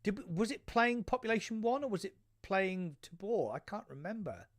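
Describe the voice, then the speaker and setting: A man co-hosting a casual podcast, excitable and jokey. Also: high-pitched, normal speed, dry recording, clean studio sound. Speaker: podcast co-host.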